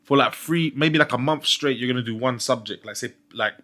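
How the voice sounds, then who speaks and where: A man in his thirties hosting a casual podcast chat while high, laid-back and laughing often. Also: fairly quick, pushed and bright. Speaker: podcast host.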